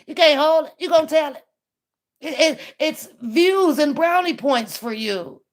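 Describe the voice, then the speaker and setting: Blunt, animated woman reacting to a clip. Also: high-pitched, unhurried. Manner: animated, blunt, profane, laughs often. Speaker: reaction channel host. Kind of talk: casual reaction commentary.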